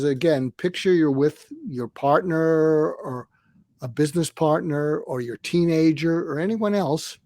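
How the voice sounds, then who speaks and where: An older man in his seventies talks through advice in a measured, explanatory way, sometimes voicing both sides of an argument. His voice sits a little high for a man. The recording is dry and close, with no room sound. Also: no room sound. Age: 70s. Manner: calm, explanatory, acts out example dialogues. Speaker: guest psychiatrist and coach. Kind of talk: conversational advice on a podcast.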